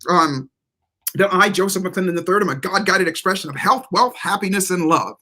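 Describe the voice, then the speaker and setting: A man's voice: high voice, moderate pace, pushed and bright. Emphatic motivational speaker, man. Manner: emphatic, preacherly, repeats key words for emphasis. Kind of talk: motivational talk on a live interview show.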